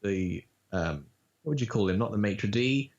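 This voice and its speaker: A man who works as a voice actor, talking casually in an interview and telling animated stories, with quick demo voices. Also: lowish voice. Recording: dull lo-fi audio.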